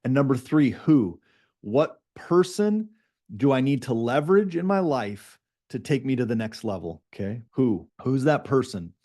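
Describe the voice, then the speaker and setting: A man coaching a group in an emphatic, animated way, hammering home points by repeating them. His voice sits in an ordinary male middle range with a mellow, warm tone. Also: mid-range voice, unhurried. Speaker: business coach.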